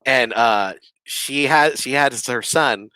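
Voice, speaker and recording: Bright-voiced man telling a story casually. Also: mid-range voice, takes it slowly, no room sound. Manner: rambling, filler-heavy, with frequent "like" and "you know"; acts out quoted lines of dialogue. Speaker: podcast guest. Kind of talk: casual storytelling of a ghost experience.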